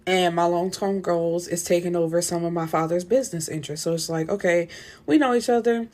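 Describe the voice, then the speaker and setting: A woman casually recapping a novel's plot, animated and full of fillers. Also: fairly low pitch, a little fast. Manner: animated retelling with many fillers and quoted dialogue. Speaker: book reviewer.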